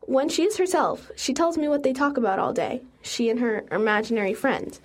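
A young adult woman reading a first-person story aloud in an earnest, steady way. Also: on the high side, fairly quick. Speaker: narrator.

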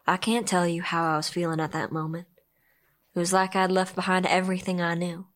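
A young woman telling her own story as first-person narrator in an audio drama, earnest and emotional. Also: on the low side. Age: young adult. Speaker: narrator and protagonist.

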